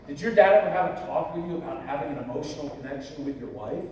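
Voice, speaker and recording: A man's voice: a little high, lively intonation, fast, a little mellow, slight background noise. A man in his fifties giving a live parenting workshop, telling stories and acting out quotes with humor. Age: 50s. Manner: storytelling, acts out quotes, jokes with the crowd. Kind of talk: live workshop talk to an audience. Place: large convention hall. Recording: echoey hall, mic heard from far off.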